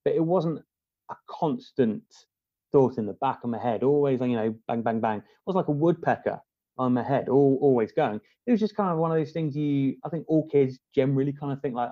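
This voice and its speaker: A man's voice: medium pitch, dry recording. A man chatting as a podcast guest. He rambles and keeps restarting his sentences, and his voice sits mid-range. The sound is a little dull and muffled, with a dry, close feel. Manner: rambling, halting, many restarts and fillers. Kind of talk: casual conversation.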